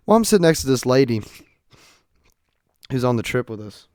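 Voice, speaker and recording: Smooth-voiced guy telling stories. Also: mid-range voice, moderate pace, long pauses, no echo, studio quality. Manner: animated, swings between loud outbursts and quiet asides. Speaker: podcast host. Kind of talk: casual storytelling monologue.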